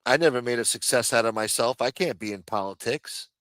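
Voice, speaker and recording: A man's voice: medium pitch, fairly quick, a bit bright, clear, resonant tone, no room sound. Profane ranting middle-aged man. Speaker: show host. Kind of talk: ranting livestream commentary. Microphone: streaming microphone.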